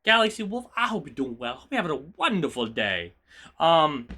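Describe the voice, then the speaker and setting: A male streamer chats casually with his viewers, chaotic and energetic. His voice sits high and sounds bright and sharp. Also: brisk.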